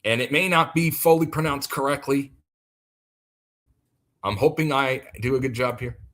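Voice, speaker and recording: A man's voice: medium pitch, moderate pace, a bit bright. A man hosting a casual livestream, chatty and self-deprecating as he sets things up. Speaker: livestream host.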